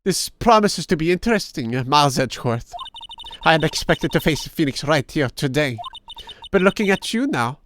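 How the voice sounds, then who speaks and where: A man's voice: fairly high pitch, expressive, normal speed, fairly bright tone, slight background noise. A man voicing an arrogant young female prosecutor, reading her lines in a haughty, clipped way. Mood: confident.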